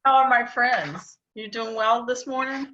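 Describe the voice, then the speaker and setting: A woman teaching a children's Bible lesson on a video call, gently coaxing the kids and repeating her questions. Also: fairly high pitch, unhurried, background noise. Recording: dull lo-fi video call audio.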